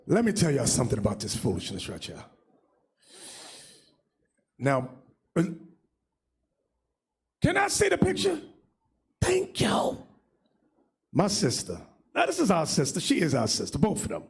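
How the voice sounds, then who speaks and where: A man leading a religious class as bishop, preaching in a loud, mocking, shouting manner. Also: on the high side, wildly swooping pitch, unhurried, vocal fry, pauses often, breathy edge. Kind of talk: fiery religious teaching.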